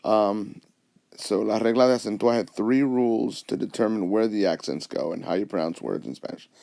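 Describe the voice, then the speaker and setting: A man's voice: on the low side, moderate pace, creaky, dark tone, no echo, clean studio sound. A man teaching a Spanish lesson over a whiteboard, explaining patiently step by step and switching between English and Spanish.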